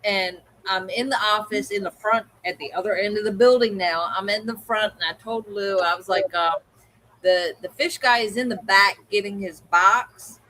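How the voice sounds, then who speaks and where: A woman co-hosting a livestream, telling an animated story in casual chat and acting out the voices of the people in it. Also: mid-range voice, normal speed, poor audio. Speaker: co-host.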